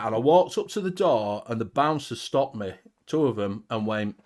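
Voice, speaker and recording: A man's voice: mid-range voice, moderate pace, darkish tone. A man hosting a live stream, telling bawdy stories with lots of swearing and laughter. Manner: bawdy, swearing storyteller who laughs a lot. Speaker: host of a live vaping show. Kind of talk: casual live-stream chat.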